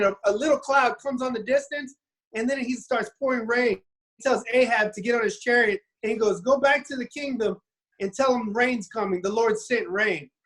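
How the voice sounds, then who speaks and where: A man's voice: high voice, fairly bright tone. A man on a casual podcast retelling a Bible story, often restarting his sentences and acting out the quotes. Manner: rambling storyteller, frequent restarts and acted quotes.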